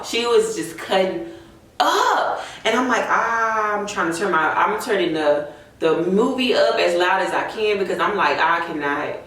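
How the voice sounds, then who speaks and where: A young woman telling a story in casual, animated chat while she does her makeup. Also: fairly low pitch. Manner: animated, chatty, says "y'all" often. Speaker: beauty vlogger. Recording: echoey room, voice a bit distant from the mic.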